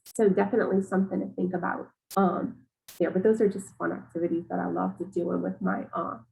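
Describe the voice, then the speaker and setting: A woman giving a teacher training session in a relaxed, conversational way, with frequent "um"s and "you know"s. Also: lowish voice, a little fast, gravelly, low-quality recording. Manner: casual, conversational, many fillers. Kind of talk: professional development webinar talk.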